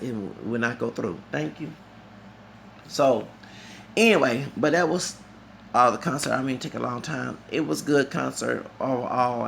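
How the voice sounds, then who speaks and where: A man's voice: medium pitch, gravelly, a little hiss or hum. A man reviewing a concert in a vlog, talking in a heated, rambling and profane way. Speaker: vlogger.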